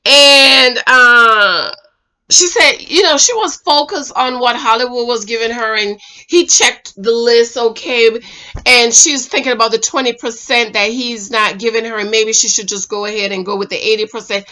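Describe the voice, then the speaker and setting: Lively woman chatting through a tv recap, bright voice, a bit high, laughs a lot. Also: normal speed. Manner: animated, chatty, laughs often, addresses viewers as "ladies". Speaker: TV show recap vlogger. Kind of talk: casual TV recap chat.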